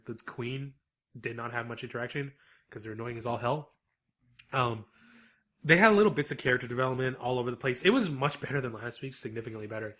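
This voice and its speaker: A man co-hosting a podcast, recapping anime episodes in casual, animated chat and laughing often. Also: medium pitch. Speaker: podcast co-host.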